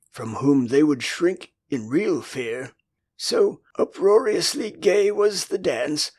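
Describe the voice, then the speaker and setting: An older man with an English accent narrating a classic children's story as an audiobook, in an expressive storytelling manner. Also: fairly high pitch, slightly rough. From England.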